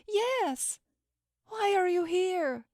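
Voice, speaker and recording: A woman's voice: animated, drawn-out words, a little mellow, no echo, clean studio sound, heavily acted. Woman doing a tearful, pleading young heroine. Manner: pleading, tearful, high-pitched.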